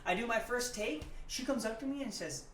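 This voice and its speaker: A man's voice: very high voice, fairly quick, crowd noise. A man, an actor, chatting casually and animatedly about his past work, repeating words for emphasis. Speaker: actor guest. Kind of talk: casual chat reacting to his own clips. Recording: roomy, off-mic sound.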